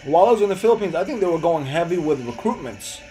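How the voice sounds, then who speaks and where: A man's voice: on the high side, animated, fast, dark tone, faint music behind, rough recording. Laid-back young man. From Hempstead, New York. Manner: loose, rambling, laughs often, answers chat. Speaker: live streamer. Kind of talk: casual live-stream chat.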